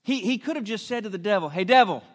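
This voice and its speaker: A male pastor preaching a sermon, emphatic, with rhetorical questions and drawn-out punch lines, in a church hall. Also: high-pitched, expressive.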